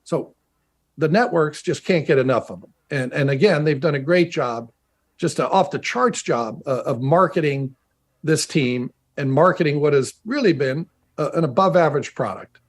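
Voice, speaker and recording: Animated former player on a video call. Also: male voice, on the high side. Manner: storytelling, animated, quick asides. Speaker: guest, former player and team broadcaster. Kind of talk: casual interview chat.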